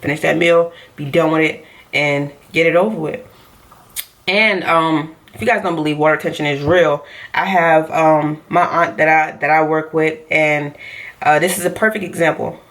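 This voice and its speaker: A woman's voice: low-pitched, steady tone, moderate pace, fairly bright tone. A woman coaching on diet in a casual vlog, chatty and repeating her points for emphasis.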